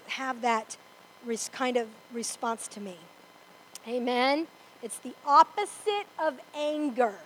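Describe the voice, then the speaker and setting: A woman's voice: high-pitched, a bit bright, slight background noise, poor audio. A woman preaching to a congregation, emphatic and repetitive, often asking "Amen?". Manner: emphatic, repeats for stress, asks the congregation "Amen?". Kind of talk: sermon. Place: church before a congregation.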